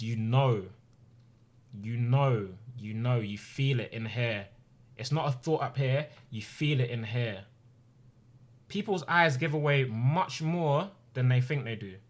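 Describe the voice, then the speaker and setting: A man in his twenties talking on stream, earnest and impassioned, repeating phrases for emphasis. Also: mid-range voice. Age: 20s. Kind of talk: emotional personal talk on stream. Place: home streaming room.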